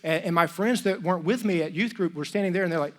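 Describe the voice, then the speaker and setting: A middle-aged man preaches from a church stage, spinning a personal story in a loose, conversational way. His voice sits a little high for a man, and he acts out the people in his story with lots of casual "like"s. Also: fast. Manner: lively, chatty, acts out dialogue with many "like"s. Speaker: pastor. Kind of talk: storytelling sermon.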